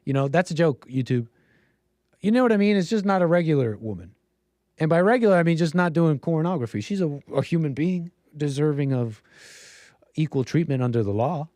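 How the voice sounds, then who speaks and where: A man's voice: fairly high pitch, animated, brisk, warm tone, no echo, clean studio sound. A man hosting a livestream show, talking in a casual, rambling monologue with many restarts and mocking put-on quotes.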